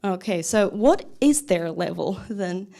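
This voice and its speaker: A woman from Russia, a language teacher giving a lively lecture and answering her own questions. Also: medium pitch, unhurried. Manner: lively, asks questions and answers them, talks straight to listeners. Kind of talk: lecture talk.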